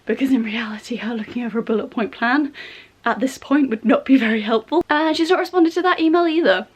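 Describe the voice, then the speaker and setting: A woman's voice: on the high side, fast, slightly rough. A young woman vlogger venting in casual chat, exasperated and chatty. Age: young adult. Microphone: compact camera.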